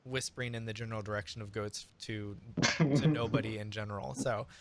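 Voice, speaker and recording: A man running a tabletop game as game master, joking and chuckling, with lots of halting fillers. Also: on the low side, fairly even intonation, a crowd in the background.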